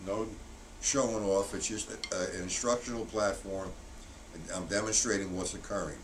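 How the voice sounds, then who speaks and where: A man teaching a drum lesson on a live stream, counting beats out loud and punching the accented ones. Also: fairly low pitch, fairly even intonation, normal speed. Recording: distant mic, loud background noise.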